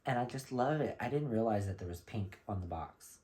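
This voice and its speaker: A man from Florida telling a lively, gossipy shopping story in a casual vlog, with blunt slang. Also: on the low side, brisk. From Florida, USA. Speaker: vlogger.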